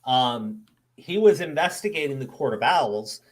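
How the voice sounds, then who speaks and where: Male podcast host at mid pitch, loose casual chat, stumbles and restarts, curses freely. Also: lively intonation, unhurried. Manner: rambling, swears casually, repeats words as he restarts.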